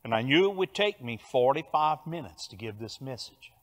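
An older man with a Cajun Louisiana accent preaching a sermon, telling stories with animated bursts of loud emphasis. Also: medium pitch, moderate pace. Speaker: pastor. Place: large church sanctuary. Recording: long church hall reverb.

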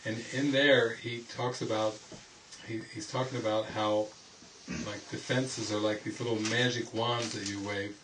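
A man's voice: on the low side, fairly even intonation, measured pace. A man teaching at a retreat, rambling through anecdotes and often laughing as he talks. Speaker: spiritual teacher. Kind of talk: informal retreat teaching with stories. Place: indoor retreat gathering. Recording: distant mic with faint background noise.

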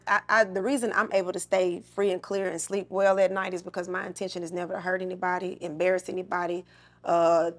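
A young adult woman comedian, a guest in a casual interview, telling stories in a candid, laid-back way with slang. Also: on the low side.

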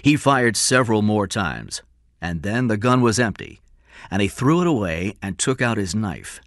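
A man narrating a story in a clear, measured storytelling manner, recorded close to the mic. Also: lowish voice, very animated, dry recording. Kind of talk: scripted audiobook narration.

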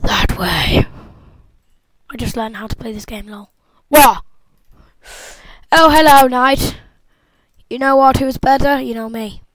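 A young woman giving casual, jokey let's-play commentary from home, excitable and talking back to the game as she plays. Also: sits high, measured pace, pauses often, no room sound, low-quality recording. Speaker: gameplay commentator.

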